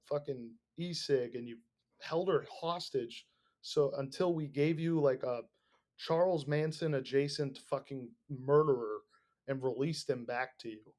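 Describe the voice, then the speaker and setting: A man's voice: a little high, darkish tone. A man hosting a podcast, ranting casually in a rambling, sarcastic, profane way. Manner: rambling, sarcastic, swears a lot. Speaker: podcast host.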